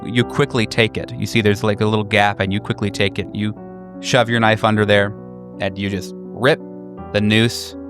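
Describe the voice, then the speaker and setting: A man narrating as game master of a tabletop horror game, describing scenes with frequent halting fillers. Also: fairly low pitch.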